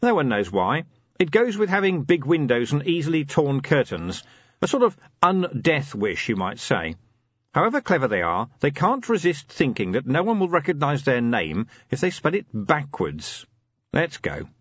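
A man's voice: a little high, big pitch swings, moderate pace, breathy edge, highs cut off, voice pushed up. A man doing a wry, grumbling old watch commander.

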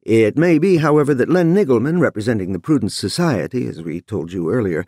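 A man's voice: lowish voice, darkish tone, no room sound, clean studio sound. A man voicing a male television news anchor reading a formal bulletin. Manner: formal newsreading.

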